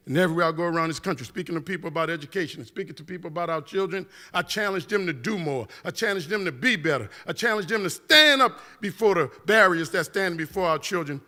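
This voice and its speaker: Man, high voice, church keynote, passionate, repetitive rhythmic build, humorous asides. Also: bright, forceful tone. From New Orleans, USA. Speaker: guest speaker. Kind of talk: impassioned church keynote speech. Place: church sanctuary. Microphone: standing at a mic.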